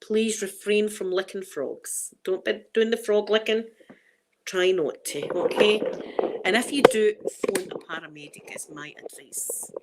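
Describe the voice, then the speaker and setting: A middle-aged Glaswegian woman talks casually to her viewers. She rambles cheerfully and laughs often. Her voice is wearing thin and turning hoarse. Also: medium pitch, unhurried, a little hiss or hum, low-quality recording. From Scotland. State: voice going hoarse. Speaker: vlogger.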